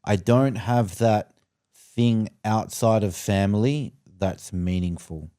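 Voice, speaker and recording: A man's voice: lowish voice, takes it slowly, warm tone. A man chatting casually and thoughtfully as a podcast guest, speeding up when he tells a story. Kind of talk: casual conversation.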